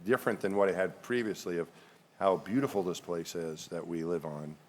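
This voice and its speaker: A man's voice: sits low, a little fast, darkish tone, in a large hall. A man from the New area, speaking reflectively as an astronaut guest on a live panel, often repeating words as he thinks. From New York area, USA. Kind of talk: panel discussion on stage.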